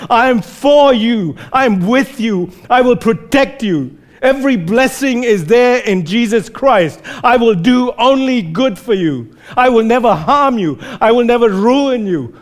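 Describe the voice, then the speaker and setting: A man's voice: very high voice, expressive, unhurried, few pauses, pitched above the performer's own voice. A man voicing God as a reassuring protective father, raised and emphatic.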